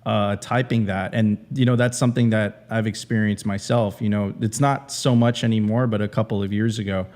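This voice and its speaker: A male host from Venezuela chatting on a panel, halting and restarting as he poses questions. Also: on the low side, steady tone, darkish tone. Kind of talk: casual panel chat.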